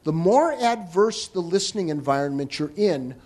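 A man giving a live talk to an audience on hearing and listening, explaining in an animated way with joking asides. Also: high-pitched, normal speed. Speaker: hearing health lecturer.

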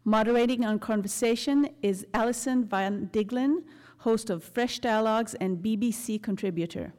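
A woman's voice: on the high side, normal speed, a little mellow. A woman announcer reading a formal introduction at an event in a polished way. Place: event hall. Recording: long hall reverb.

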